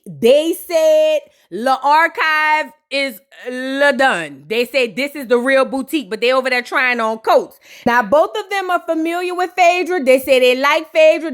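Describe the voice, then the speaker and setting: Sassy and gossipy, this woman reviewer reacts casually to reality TV in a high voice, her talk animated and full of slang.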